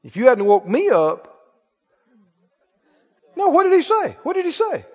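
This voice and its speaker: A man's voice: very high voice, huge pitch swings, unhurried, darkish tone. A man preaching a sermon, asking playful rhetorical questions with emphatic delivery. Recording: echoey hall, dull sound.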